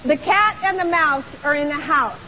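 A woman's voice: high voice, normal speed. A woman preacher delivering a sermon in church, emphatic and full of rhetorical questions. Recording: dull lo-fi recording with long hall reverb and faint hiss.

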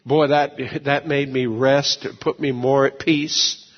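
A man preaching a sermon as pastor, telling folksy stories, repeating words and swinging from low asides to shouted peaks. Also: fairly even intonation, slow pace, big-room sound, lo-fi sound.

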